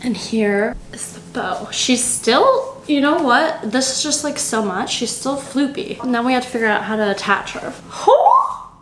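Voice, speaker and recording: A woman's voice: on the high side, expressive, moderate pace, hardly any pauses, a bit bright. A young woman vlogging casually as she sews and pins a dress, chatty and bubbly, talking to herself as she works. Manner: chatty, bubbly and self-talking while crafting. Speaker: sewing vlogger. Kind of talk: casual DIY vlog narration.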